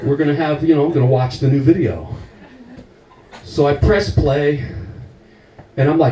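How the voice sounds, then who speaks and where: A man performing stand-up comedy with profane, animated storytelling. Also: fairly high pitch, moderate pace, pauses often, roomy sound, distant mic, a crowd in the background, rough recording. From United States.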